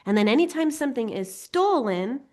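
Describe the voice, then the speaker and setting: A woman's voice: fairly high pitch, very animated, moderate pace, a little mellow. A woman teaching a casual, chatty class on astrology and human design, often acting out inner voices.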